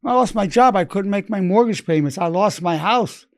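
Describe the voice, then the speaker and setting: Here the octogenarian psychologist talks briskly, his high voice full of expression. He turns stories of his patients into a lesson, repeating their words himself. It's studio quality with no room sound.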